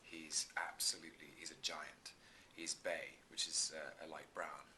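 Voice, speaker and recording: A man's voice: extremely low pitch, flat delivery, a little slow, sharp tone, a little hiss or hum. A man in his thirties, an actor being interviewed, talking earnestly and effusively with many restarts. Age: 30s. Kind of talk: casual interview chat.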